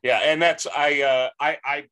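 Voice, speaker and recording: Speaking a little slowly, this US podcast host has a fairly high, bright voice with a forceful tone and fairly even intonation. He's interviewing someone over a remote call, talking casually and hesitantly, often restarting and stammering.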